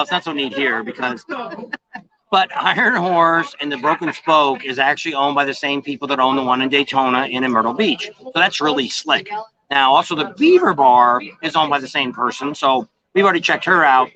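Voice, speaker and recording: A man's voice: a little high, normal speed, a crowd in the background. Folksy man chatting in a crowded bar. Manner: rambling, folksy, self-correcting. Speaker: travel vlog host. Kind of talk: casual live-stream chat. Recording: dull lo-fi live stream.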